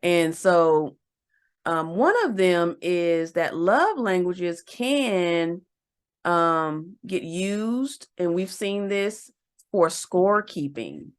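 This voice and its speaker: A woman's voice: drawn-out words, smooth. Woman co-hosting a relationship podcast. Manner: animated, acts out quotes in a higher voice. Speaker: podcast co-host. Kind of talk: casual relationship chat.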